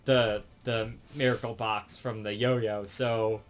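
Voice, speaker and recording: Dude rambling thru a cartoon season recap, lots of ums and restarts, casual. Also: male voice, on the low side, level tone, faint music behind. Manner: rambling, halting, with many fillers and restarts. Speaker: reviewer.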